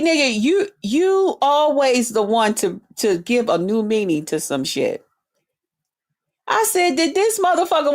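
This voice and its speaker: A woman hosting her own stream, delivering an angry, profane rant that taunts a rival. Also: a little high. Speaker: online streamer.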